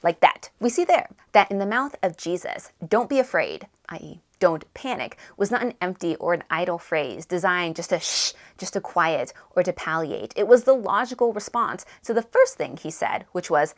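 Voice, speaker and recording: A woman hosting a book review vlog, talking in an animated, emphatic, conversational way while drawing a reflection from scripture. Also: lowish voice, moderate pace, few pauses. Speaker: book reviewer and Bible teacher.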